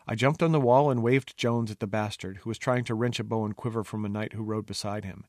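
A man reading his own novel aloud, wry and expressive in narration. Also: on the low side, a little fast, hardly any pauses, no room sound, studio quality. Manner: wry, expressive, doing character voices. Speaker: audiobook narrator. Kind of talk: scripted narration.

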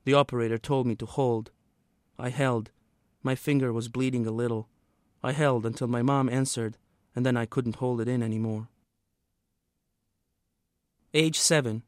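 A man, the author, reading a passage from his own novel aloud in a steady, measured way. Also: mid-range voice, no room sound, studio quality.

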